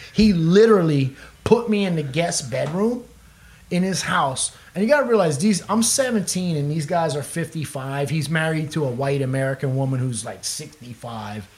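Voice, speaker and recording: A man's voice: on the high side, a little mellow. Casting: young male musician, loose and profane, rambling storyteller in a casual chat. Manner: profane, rambling, laughs often. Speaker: guest musician.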